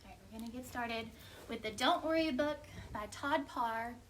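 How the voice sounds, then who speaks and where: A woman children's librarian reading a picture book aloud at storytime, with an animated, sing-song delivery. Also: a little high, moderate pace, a little hiss or hum. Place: library storytime recorded at home or library.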